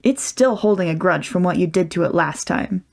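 A woman's voice: fairly low pitch, expressive, normal speed, gravelly, a little mellow. A woman voicing a sarcastic ten-year-old rabbit boy in a storybook reading, drawling and dry. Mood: bossy.

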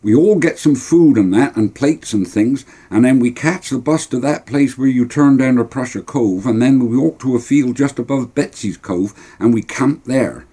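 A man's voice: mid-range voice, moderate pace, few pauses, dark tone, slightly rough, pitched above the performer's own voice, close to an everyday voice. A man voicing a bossy young boy who lays out the plan in a matter-of-fact way.

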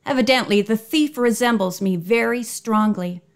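A woman's voice: fairly high pitch, moderate pace, lightly acted. A woman reading an audiobook voices a composed teenage girl detective who speaks in a level, reasonable way. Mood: calm.

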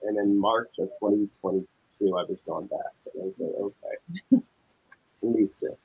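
Husky young man telling a tense story. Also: on the low side, normal speed, poor audio. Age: young adult. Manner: animated, acts out dialogue in tense retelling. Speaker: paranormal investigator guest. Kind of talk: casual storytelling.

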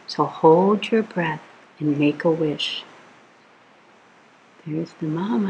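Slow, gentle woman reading bedtime story. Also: deep voice, dull audio, slight background noise. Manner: gentle, soothing, talks to the listener with questions. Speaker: storyteller reading a picture book to children. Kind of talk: read-aloud storytime.

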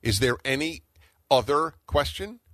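A man's voice: medium pitch, lively intonation, unhurried, a bit bright, dry recording. A middle-aged man hosting a talk radio show, arguing emphatically and firing off rhetorical questions.

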